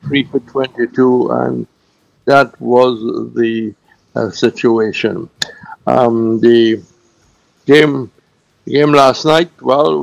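A man presenting cricket scores on a radio show, halting, with many fillers, repeating figures slowly. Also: mid-range voice, gravelly, dry recording, low-quality recording. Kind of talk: radio sports news segment.

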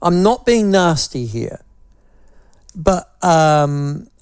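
A man's voice: fairly high pitch, animated, extremely slow, darkish tone, smooth, no room sound, clean studio sound. A man with a New Zealand accent hosting talkback radio, teasing apart a phrase with wry, mocking repetition. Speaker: talk radio host.

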